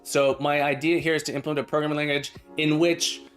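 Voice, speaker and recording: A man's voice: a little high, flat delivery, fast talker, a bit bright. A man chatting casually on a live coding stream, upbeat and rambling as he greets and answers his viewers. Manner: chatty and upbeat, reads and welcomes chat viewers; rambling, with many restarts. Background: faint background music.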